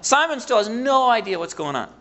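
A man preaching a sermon, retelling a story in an animated way and acting out the quotes. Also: fairly high pitch, moderate pace.

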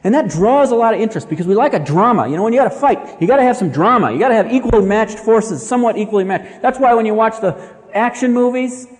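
Male pastor, dramatic sermon storyteller, high and expressive, big reverberant sanctuary. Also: fast talker. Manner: animated, dramatic storytelling with acted-out quotes.

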